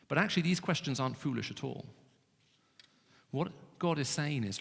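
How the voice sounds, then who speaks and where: A man giving an expressive talk to students, his voice rising sharply when pleading. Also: a little high, fast, gravelly, husky. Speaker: Christian speaker. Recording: reverberant hall.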